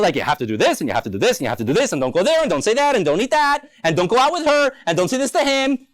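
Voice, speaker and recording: A man's voice: high-pitched, very animated, racing, hardly any pauses. A man, a rabbi, teaching a lunchtime Torah class with rhetorical questions and playful asides. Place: school campus.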